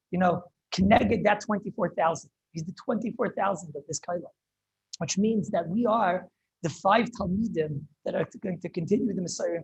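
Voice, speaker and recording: A man, a rabbi, giving an impassioned Torah lecture over a video call, often halting and repeating words as he searches for them. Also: high voice, creaky, slightly rough, rough recording. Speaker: rabbi teaching a class.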